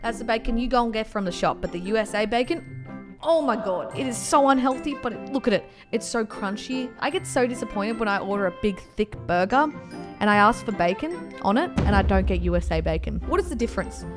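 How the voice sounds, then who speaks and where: A woman's voice: fairly high pitch, lively intonation, brisk, music in the background. An Australian woman giving a chatty, rambling reaction commentary as a vlogger, exaggerating freely.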